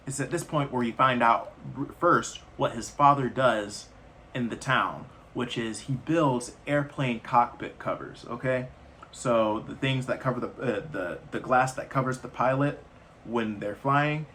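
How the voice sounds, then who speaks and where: A man's voice: mid-range voice, fairly bright tone, slight background noise. A man casually retelling a film's plot in a loose, rambling way with slangy asides. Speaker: movie reviewer.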